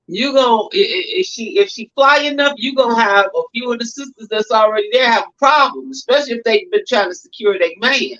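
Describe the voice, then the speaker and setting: A woman's voice: on the high side, a little fast, few pauses, fairly bright tone, dull audio. A woman guest in a casual talk show, explaining her point and repeating phrases as she builds it.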